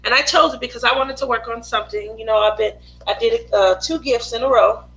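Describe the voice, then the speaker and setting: Painting during a casual craft livestream, this Las Vegas woman calls out to viewers by name, playful and chatty and now and then sing-song. She speaks briskly, on the high side with a fairly bright tone, over a rough recording.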